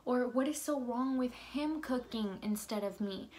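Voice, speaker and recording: A woman's voice: on the high side, measured pace, darkish tone, slight background noise. Fired-up young woman ranting. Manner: fired-up, swears a lot, many "like" fillers. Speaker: vlogger. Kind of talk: heated opinion rant to camera. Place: bedroom.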